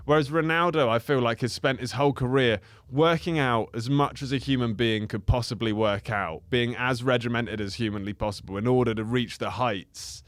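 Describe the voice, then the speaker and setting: A man's voice: medium pitch, a bit bright, no echo. Rambling man, dry sound. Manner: chatty, rambling, laughs at own tangents. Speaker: podcast guest. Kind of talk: casual chat.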